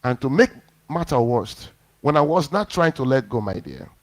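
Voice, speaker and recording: A male pastor preaching at a middle pitch, telling his own story in a sermon. He talks with animation and acts out what others said to him. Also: moderate pace. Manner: animated storyteller acting out quotes.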